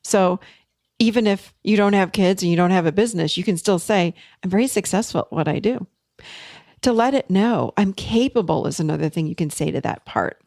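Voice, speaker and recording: In a dry, studio-quality recording, a therapist in her forties talks earnestly on her podcast, coaching listeners as she teaches. Her medium-pitched voice is a little mellow, and her pace shifts between faster and slower.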